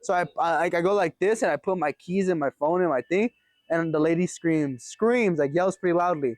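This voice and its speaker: A young man casually telling a story on his vlog in an animated way, swearing often and laughing as he goes. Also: fairly high pitch, brisk, no room sound. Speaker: vlogger.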